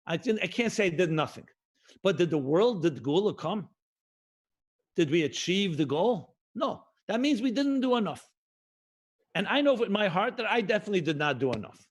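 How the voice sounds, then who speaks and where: Middle-aged rabbi guy, high voice, preaching a livestream sermon, lots of repeating and slowing down on the big words. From United States. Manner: emphatic, repetitive cadence, mixes Hebrew and Yiddish terms; slows and stretches key phrases.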